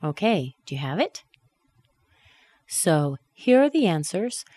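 A woman teaching a pronunciation lesson, reading model sentences slowly with exaggerated intonation. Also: fairly low pitch, big pitch swings, darkish tone, dry recording. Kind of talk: recorded lesson.

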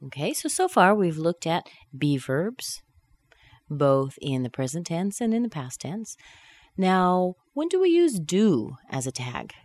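Woman, pronunciation teacher, slow deliberate drilling, lively swooping intonation, dry close sound. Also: lowish voice, dry recording. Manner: carefully enunciated model phrases with exaggerated intonation.

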